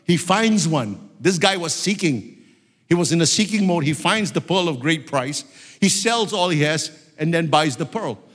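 A man preaching a sermon with fervent passion, at times shouting out prayers. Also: on the high side, animated, normal speed, big-room sound.

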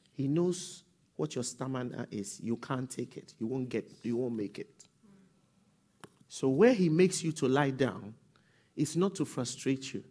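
A male pastor preaches to his congregation, his pitch swinging widely as he builds and falls back. His voice is husky and sits a little high, and he often drives his lines up toward a shout and calls for responses. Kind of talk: sermon.

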